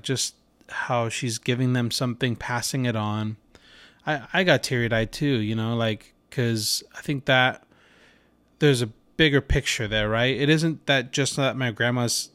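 Male podcast host in his thirties, loose chatty storyteller, average pitch, dry and close. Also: a bit bright, no echo. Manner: rambling, with many fillers and restarts. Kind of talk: casual storytelling monologue.

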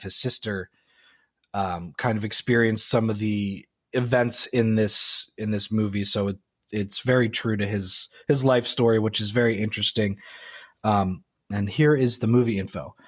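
A man's voice: lowish voice, normal speed, no echo, studio quality. A man co-hosting a podcast in easygoing casual chat, swearing and laughing now and then. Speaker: podcast co-host.

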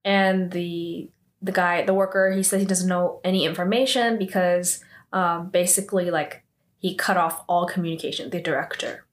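A woman's voice: on the low side, fairly even intonation, normal speed. Chatty woman casually recapping a drama. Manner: loose and chatty, full of "like" and "um" fillers; adds her own asides and opinions.

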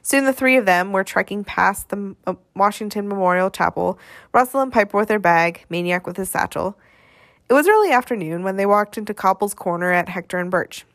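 A woman reading a novel aloud, with expressive storytelling. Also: medium pitch, a little fast, no room sound, clean studio sound. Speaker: reader.

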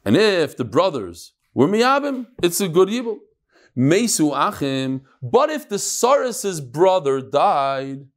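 A man teaching a Talmud class in a study hall, explaining in English and mixing in Hebrew and Aramaic terms. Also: slow. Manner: animated, with sudden swings up and down in pitch.

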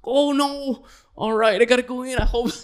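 A timid nerdy writer frets and stammers in a high, whiny voice, as a man puts him on. He sounds anxious and put-upon. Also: steady tone, moderate pace, clear, resonant tone. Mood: fretful. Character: nervous nerdy male comedy writer, fretful.

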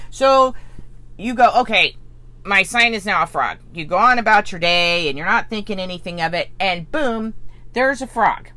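A woman's voice: a little high, bright, forceful tone. A woman teaching a spiritual coaching lesson in an earnest way, often checking in with "right?" and "okay?" and acting out what her listeners might think. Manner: acts out listeners' inner voice.

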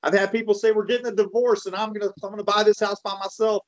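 A man's voice: high-pitched, level tone, fast talker, rough recording. A man, a mortgage lender guest, telling exasperated anecdotes in casual chat.

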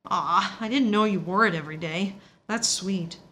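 A woman's voice: mid-range voice, moderate pace, fairly bright tone, close to an everyday voice. A blunt young woman with a teasing, offhand way of talking, as a female narrator puts her on. She shrugs off feelings and pokes fun at her friend, in a storybook reading with a faint hum behind it. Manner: brushing off, teasing.

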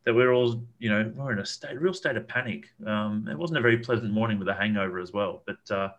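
Low-voiced man telling a rambling story. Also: fast, a bit bright, highs cut off. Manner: rambling, with many fillers and repeated words. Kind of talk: casual storytelling chat.

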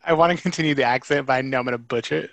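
A man co-hosting a podcast in casual chat with quick self-deprecating banter. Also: mid-range voice, gravelly, a bit bright, dry recording. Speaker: podcast co-host.

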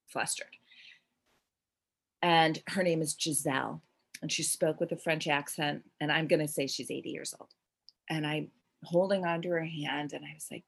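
A middle-aged woman with a low voice tells a story in an easy, rambling way. She restarts sentences and leans on fillers as she goes, like a medium recounting a reading on a podcast. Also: a bit bright, husky. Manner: rambling, self-interrupting, with frequent "like" and "um".

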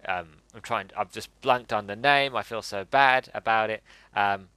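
Casting note: an eager male reviewer with a lowish, bright, forceful voice, stumbling over his words. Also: clear, resonant tone, dry recording. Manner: excited, halting, repeats himself. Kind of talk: casual video review.

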